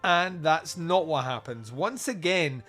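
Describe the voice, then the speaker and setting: Man, Scottish accent, podcast host, jokey rambling chat, slightly high voice. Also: lively intonation, takes it slowly, fairly bright tone, faint music behind. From Scotland. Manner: jokey, rambling, laughs often.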